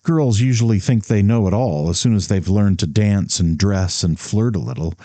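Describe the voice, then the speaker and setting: A man's voice: lowish voice, moderate pace, dark tone, no room sound, close to an everyday voice. A man voicing a proud, blunt young man who lectures haughtily in an audiobook. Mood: scornful.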